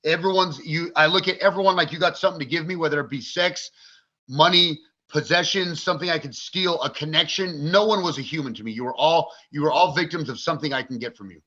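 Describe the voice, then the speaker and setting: A man in his forties, speaking as a podcast guest in a fairly high, sharp-edged voice. He tells his story bluntly and vividly, with plenty of swearing. The recording sounds dull and lo-fi. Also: fast talker. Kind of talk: candid interview storytelling.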